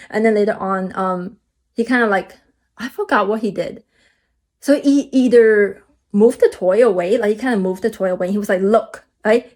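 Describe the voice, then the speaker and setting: A young woman telling a long storytime vlog, rambling with many "like"s and restarts, and getting animated at the exciting parts. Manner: animated, jumps high when excited. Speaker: vlogger.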